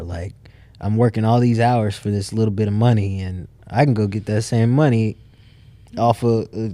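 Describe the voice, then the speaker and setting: A man's voice: on the low side, normal speed, mellow, no room sound. A man guest in a casual interview, telling his story and acting out what he and others said. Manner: storyteller who acts out his own quotes. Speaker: podcast guest, entrepreneur.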